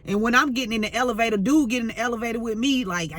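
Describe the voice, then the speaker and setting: A woman's voice: fairly high pitch, rapid-fire, a bit bright. Fiery, profane woman ranting. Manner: profane, fiery, repeats herself, slangy. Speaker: intuitive tarot reader. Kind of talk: heated unscripted rant to camera.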